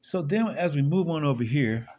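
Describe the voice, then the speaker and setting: A man giving loose, profane commentary while reading scripture, rambling, muttering low and then bursting up high. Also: lively intonation, moderate pace, noisy background. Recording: dull lo-fi recording.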